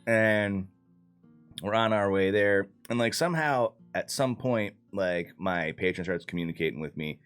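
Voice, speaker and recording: A man's voice: fairly low pitch, moderate pace, fairly bright tone, clean tone, soft background music. A man loosely recapping a tabletop game session in casual, profane talk full of fillers. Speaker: player recapping the campaign.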